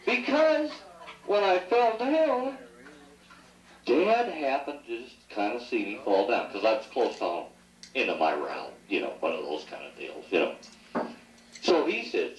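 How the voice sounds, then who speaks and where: The speaker is a middle-aged son giving a toast at an anniversary celebration's party room, telling rambling, joking, teasing anecdotes and laughing at them. His high-sitting voice is very animated and a little slow, caught on echoey 1980s home video from far off.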